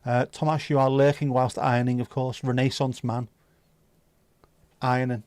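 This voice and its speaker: A man's voice: medium pitch, little pitch movement, moderate pace, darkish tone, no echo. Man, livestream host, casual joking chat, dry close sound. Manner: joking, teasing, chatty banter.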